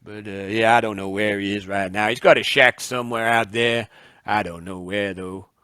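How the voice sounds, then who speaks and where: A man voicing a gruff middle-aged barman with a drawling, folksy way of talking. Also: lowish voice, fairly even intonation, normal speed, sharp tone, no room sound, studio quality. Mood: gossipy.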